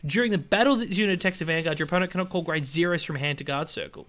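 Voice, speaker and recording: An Australian man co-hosting a podcast, telling stories in a lively, exasperated way with sudden outbursts. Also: rapid-fire. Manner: animated, exasperated storytelling with sudden high outbursts. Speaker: podcast co-host. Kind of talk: casual chat.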